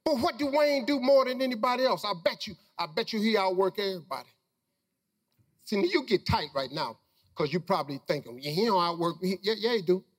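Middle-aged male speaker, very high pitch, folksy preacher-style storytelling to an audience. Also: animated, fairly quick, long reverb tail. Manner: folksy, preacher-like storytelling with Southern Black vernacular. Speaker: motivational speaker. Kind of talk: storytelling talk to a live audience.

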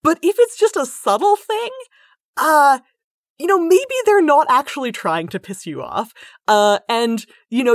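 A woman talks through a casual interview in a lively, chatty way. She keeps slipping into playful voices to quote other people. The sound is dry and close, with no room around her. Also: fairly high pitch, no room sound. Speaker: guest linguist.

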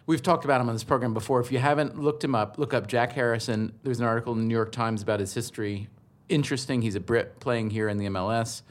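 A man's voice: mid-range voice, steady tone, fast, hardly any pauses. A man hosting a casual soccer podcast, asking a lot of questions and teasing his co-host drily. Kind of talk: casual sports chat.

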